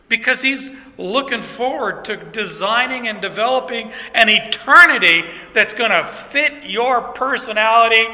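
A man's voice: high voice, bright, forceful tone. An older man preaching a sermon in a church, casual and joking, talking directly to his congregation. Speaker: pastor. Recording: long church reverb.

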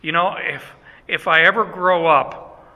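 Slow-spoken, bright-voiced preacher in a hall. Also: male voice, a little high. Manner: folksy and self-deprecating, with halting restarts. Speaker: pastor. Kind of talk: sermon. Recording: echoey hall.

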